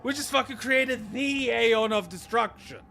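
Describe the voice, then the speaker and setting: A man reacting to a game story, ranting excitedly and swearing heavily. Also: very high-pitched, unhurried, gravelly, slight background noise. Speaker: reaction streamer.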